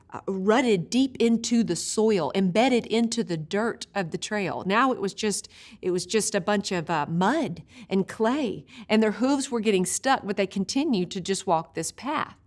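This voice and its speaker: A woman teaching a video Bible study, an expressive storyteller who slows down for vivid images. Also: on the high side.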